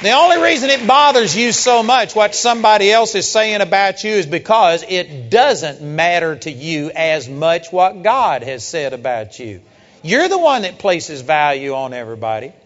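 A man preaching a sermon, emphatic, building up to loud rhetorical questions. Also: high voice, sing-song, moderate pace, a faint crowd. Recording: dull lo-fi sound with long hall reverb.

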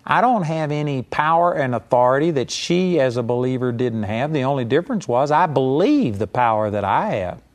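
Man, preacher, earnest sermon teaching, medium pitch. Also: lively intonation, moderate pace, few pauses. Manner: earnest, mimics whiny pleading voices in quotes.

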